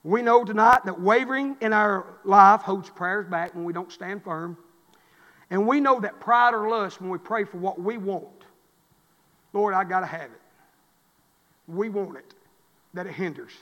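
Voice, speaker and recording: A middle-aged man, a pastor preaching a sermon, swinging between fervent, rising exhortation and quiet storytelling. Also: high-pitched, measured pace, pauses often, big-room sound. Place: church.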